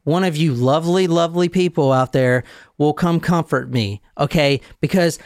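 A man's voice: a little high, normal speed, a little mellow, dry recording. A man hosting a podcast, ranting heatedly and swearing freely in a casual chat, speaking into a studio mic. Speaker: podcast host.

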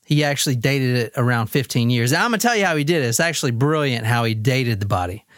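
Expressive woman telling a true-crime story. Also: a bass voice, fast, no room sound, studio quality. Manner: expressive, laughs often, varies pace. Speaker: host.

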